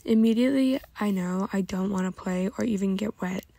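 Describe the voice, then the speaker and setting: Gravelly-voiced woman reading fan fiction. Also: medium pitch, flat delivery, normal speed, warm tone, no room sound. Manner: plain, unpolished reading with slips. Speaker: reader.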